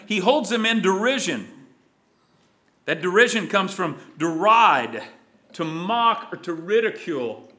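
A man preaching a sermon, dramatic, moving from loud emphasis to hushed, low lines. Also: expressive, unhurried.

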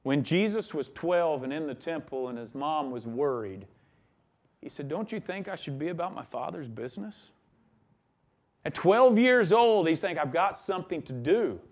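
A man's voice: a little high, lively intonation, normal speed. A man preaching a sermon, emphatic, with his voice rising and dropping in volume. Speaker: pastor.

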